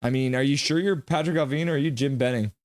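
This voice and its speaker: A man's voice: medium pitch, fast, no echo. Joking man streaming hockey. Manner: joking, excitable, banters with chat. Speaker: live-stream host. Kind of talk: live reaction stream commentary, reading chat.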